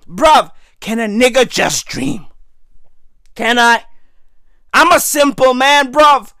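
A hoarse man losing his voice, delivering a loud, slangy comic rant that often breaks into shouting. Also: very high voice, slow pace, long pauses.

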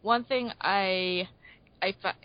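A woman's voice: mid-range voice, slow pace, no echo, lo-fi sound. A woman co-hosting a casual movie review chat, wry and hesitant, with many fillers and restarts. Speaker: movie review podcast co-host.

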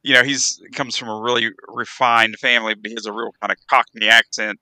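A man's voice: medium pitch, flat delivery, a little fast, pushed and bright, no echo. An American man co-hosting a casual podcast chat, rambling with hesitant restarts and dry jokes. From United States. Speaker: podcast co-host.

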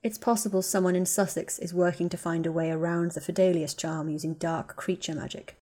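A woman's voice: lowish voice, steady tone, fairly quick, warm tone, close to an everyday voice. A woman reading the lines of a guarded, bitter young wizard man in a storybook, speaking in terse, clipped lines. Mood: cold, curt.

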